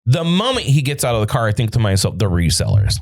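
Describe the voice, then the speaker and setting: A man's voice: medium pitch, fast talker, vocal fry. A man hosting a podcast, telling a story in casual chat with lots of swearing and acted-out quotes, recorded in a studio. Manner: profane, animated storyteller acting out quoted dialogue. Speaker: podcast host.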